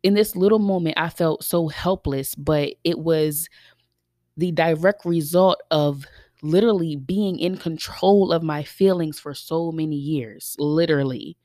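A woman's voice: low-pitched, unhurried, warm tone, no room sound, studio quality. A woman of thirty hosting a podcast, talking candidly and reflectively in a loose, rambling way with many fillers. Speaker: podcast host. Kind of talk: casual reflective monologue.

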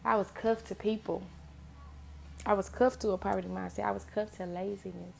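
A woman's voice: mid-range voice, steady tone, a little fast, vocal fry, soft background music. A woman giving an earnest, impassioned motivational faith talk, repeating phrases for emphasis.

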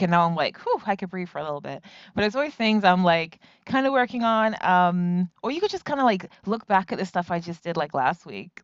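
Guest voice: lowish woman, animated storyteller, dull lo-fi recording, dry. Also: no room sound. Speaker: guest, activist. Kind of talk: casual chat. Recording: dull, lo-fi sound.

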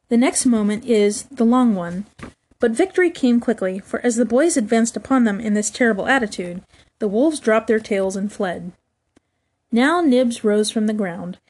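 A woman reads a classic children's story aloud in a measured, even storytelling manner. Her voice sits a little high and sounds soft and mellow. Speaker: audiobook reader. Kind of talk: storybook narration.

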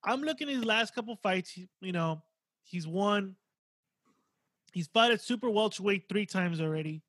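A man's voice: sits high, animated, moderate pace, fairly bright tone, dry recording. A man co-hosting a boxing podcast, going through a fighter's record in casual, rambling talk with some swearing. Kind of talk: casual chat.

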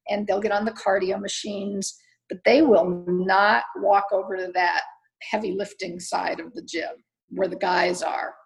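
A woman who runs her own fitness studio speaks in a relaxed interview, her voice carrying a gravelly fry. She explains her views earnestly and encouragingly, pausing on fillers as she thinks. Her pitch sits in an ordinary middle range. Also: low-quality recording. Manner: earnest, encouraging, talks through ideas with many fillers. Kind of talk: casual interview answers.

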